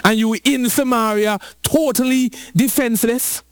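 A man preaching a lively sermon, switching into patois and drawing out lines slowly for emphasis. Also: extremely high pitch, clear, resonant tone, no echo. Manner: animated, rhythmic preaching in patois-flavored speech.

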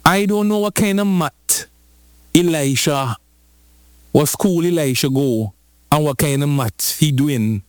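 A male preacher delivers his sermon at an unhurried pace, in a voice pitched on the higher side. He spins the scripture into playful storytelling, repeating phrases and calling out to his listeners. The sound is close and dry, with no room echo. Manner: playful storytelling with repetition and call-and-response.

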